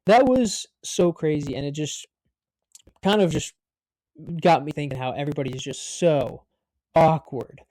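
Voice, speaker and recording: A man's voice: on the high side, a little slow, pauses often, a little mellow, dry recording. An American man in his twenties telling a story to camera in a rambling, casual way, full of "like" and swearing. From United States. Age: 20s. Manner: rambling, heavy use of filler "like", swears freely. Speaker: vlogger.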